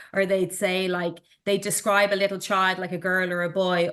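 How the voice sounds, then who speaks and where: A woman's voice: fairly low pitch, flat delivery, normal speed, few pauses. A woman with an Irish accent, a sales and marketing director chatting in an interview, who explains with examples and laughs easily. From Ireland. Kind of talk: casual interview chat.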